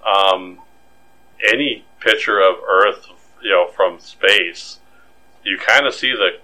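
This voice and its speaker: A man with a low-pitched voice and a bright, forceful tone co-hosts a casual podcast. He talks in an animated, rambling way, jokes often, and restarts his sentences. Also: slow pace, poor audio. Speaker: podcast co-host. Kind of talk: casual chat.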